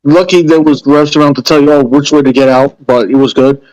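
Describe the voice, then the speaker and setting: A man on a podcast panel recounting an event in casual chat, halting and searching for words. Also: on the high side, steady tone, darkish tone, dull audio.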